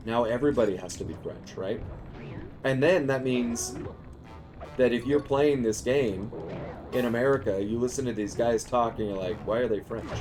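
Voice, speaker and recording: Chatty man streaming a game. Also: medium pitch. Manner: rambling and chatty, laughs often. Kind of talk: casual chat while gaming. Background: game music.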